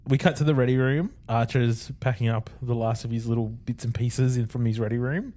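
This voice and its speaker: A man's voice: medium pitch, steady tone, a little fast, warm tone. Australian male podcast co-host, casual recap voice, laughs a lot. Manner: chatty, laughs often while retelling scenes.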